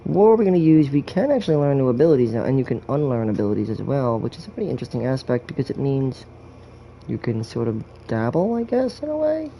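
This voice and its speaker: A man's voice: mid-range voice, lively intonation, quick pace, gravelly, mellow, slight background noise. A man giving a joking, rambling walkthrough commentary on a video game, full of crude jokes and swearing.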